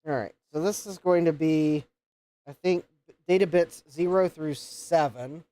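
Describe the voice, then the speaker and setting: A man's voice: a little high, measured pace, dark tone, no room sound, studio quality. A man hosting a live repair stream, thinking aloud and counting pins as he checks a circuit board. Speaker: host of a retro computer repair livestream.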